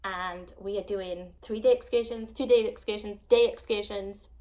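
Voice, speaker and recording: A woman's voice: mid-range voice, normal speed. A young woman travel vlogger telling a story to camera, gushing and close to tears, sometimes dropping to a whisper. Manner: excited, gushing, drops to whispers.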